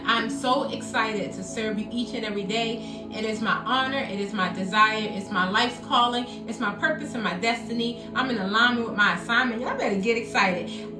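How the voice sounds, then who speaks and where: A woman hosting a live motivational talk as a life coach, energetic and preachy, often calling out to her audience. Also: a little high. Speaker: life coach and show host. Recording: echoey room, a bit distant, faint music.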